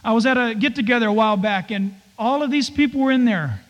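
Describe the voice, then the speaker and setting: A man's voice: extremely high pitch, quick pace, big-room sound, muffled recording. A man preaching a conversational sermon as a pastor, slipping into playful acted-out asides.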